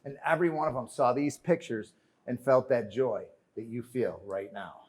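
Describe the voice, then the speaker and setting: A man gives a motivational keynote on a conference stage. He tells his story in an animated, joking way and keeps turning to the crowd as "friends." His voice sits at a middling pitch for a man. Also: normal speed. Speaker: keynote speaker. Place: conference stage before a live audience.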